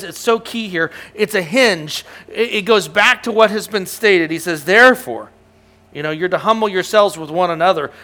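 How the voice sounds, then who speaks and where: A man's voice: high-pitched, a bit bright. A man preaching an expository sermon to his congregation, earnest and emphatic, often repeating words as he restarts. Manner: answers questions from the room. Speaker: preacher teaching a Bible study.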